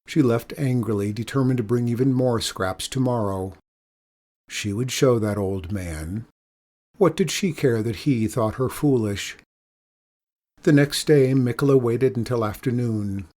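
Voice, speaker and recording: Expressive male storybook reader. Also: mid-range voice, measured pace. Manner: expressive, emphatic reading. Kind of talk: reading a children's storybook aloud.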